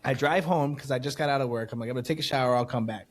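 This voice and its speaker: A man hosting a casual podcast, telling a story with lively acted-out dialogue and frequent swearing. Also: mid-range voice, rapid-fire. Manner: animated storytelling, acts out dialogue, swears freely. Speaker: podcast host.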